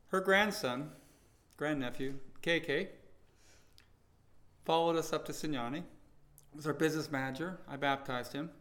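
A man preaching a sermon, telling stories and swinging between loud proclaiming and hushed pleading. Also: fairly high pitch, a little slow, pauses often. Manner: storytelling with quoted dialogue.

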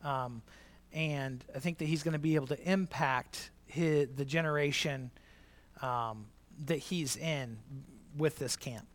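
A man preaching a sermon, animated and conversational, repeating his key line to the congregation. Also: on the high side, a little slow. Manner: conversational, many restarts and asides. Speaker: pastor.

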